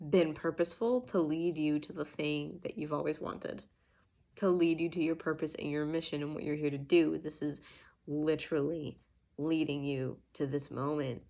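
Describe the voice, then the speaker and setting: A woman's voice: deep voice, mellow. Earnest woman giving a tarot reading. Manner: earnest, emphatic, with restarts and fillers. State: getting emotional. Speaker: tarot reader. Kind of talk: emotional channeled tarot reading.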